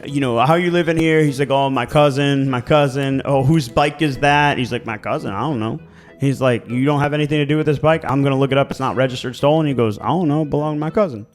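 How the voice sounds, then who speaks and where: A fast-talking, medium-pitched man with a Baltimore accent, who sells real estate and co-hosts a podcast, tells casual stories animatedly, cursing and laughing. Faint music runs behind him.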